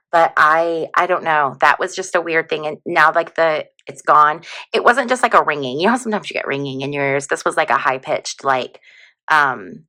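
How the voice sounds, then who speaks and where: A woman's voice: low voice, bright, forceful tone. A woman giving a casual, chatty tarot reading on video, full of fillers and prone to giggling. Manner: chatty, giggly, lots of fillers like "like" and "you know". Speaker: tarot reader.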